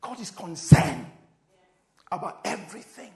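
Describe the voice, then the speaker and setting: A pastor with a high male voice preaches animatedly at a moderate pace, swinging from loud exclamations and sudden shouted prayers to quiet, intimate asides. He gives scripture quotes dramatic voices, and the audio carries the echo of a church hall.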